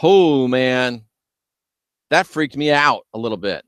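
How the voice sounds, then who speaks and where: A man hosting a livestream, talking loudly and emphatically while reading viewer chat. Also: medium pitch, animated, slow pace, clear, resonant tone, no room sound. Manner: loud, shouting, emphatic. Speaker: host.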